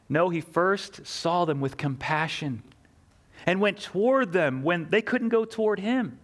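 A man's voice: high voice, lively intonation, unhurried. A man preaching a sermon, earnest and emphatic, asking rhetorical questions and repeating key phrases. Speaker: pastor.

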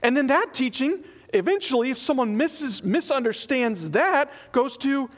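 A man's voice: extremely high pitch, normal speed, few pauses. A man preaching a sermon in church as pastor, acting out the people he quotes as he tells the story. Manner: animated, acts out quoted people in his retelling.

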